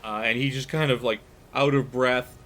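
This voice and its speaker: A man's voice: medium pitch, fairly even intonation, moderate pace, a bit bright, slight background noise. A man running a tabletop horror game, narrating loosely with lots of "like" and fillers. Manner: loose, filler-heavy storytelling with frequent "like". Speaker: game master.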